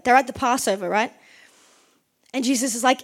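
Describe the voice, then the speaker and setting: This preacher's voice sits a little high, moving at an ordinary pace with frequent pauses. She keeps the sermon casual and conversational, leaning on "like" and voicing the people in the story she's retelling.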